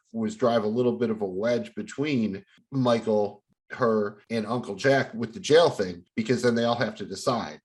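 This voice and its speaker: A man with a somewhat low voice who co-hosts a podcast. He talks in casual chat, stringing long explanations together with plenty of "you know" and "like.". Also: darkish tone. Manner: explains in long run-on sentences with many fillers. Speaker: podcast co-host.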